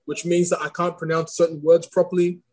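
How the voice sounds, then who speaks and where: A man's voice: on the high side, little pitch movement, fairly quick, poor audio. A man with a slight speech impediment, talking as an interview guest in an earnest, searching way, often restarting his sentences. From Australia. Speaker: guest, course creator and preacher. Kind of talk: reflective interview talk.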